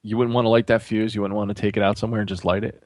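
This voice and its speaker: Male interviewer, low voice, casual quick interjections, dry room. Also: level tone, a little mellow, dry recording. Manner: short reactive interjections, jokey. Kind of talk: casual chat.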